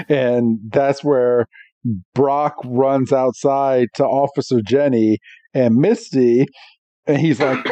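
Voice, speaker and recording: A man co-hosting a podcast, casually recapping a cartoon episode and acting out the characters' lines with lively voices. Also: mid-range voice, slow, dry recording, dull audio. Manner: animated storyteller, acts out character lines.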